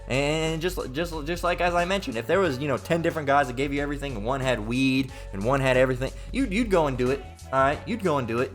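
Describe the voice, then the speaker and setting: A man with a Southern US accent preaching an informal Bible teaching sermon. He reads scripture, then breaks into heated, profane, repetitive rants. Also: medium pitch.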